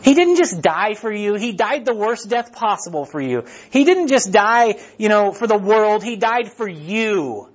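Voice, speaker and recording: Man preaching in a relaxed drawl. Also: high-pitched, a little slow, hardly any pauses, muffled recording. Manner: conversational preaching with frequent restarts. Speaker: pastor. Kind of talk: sermon.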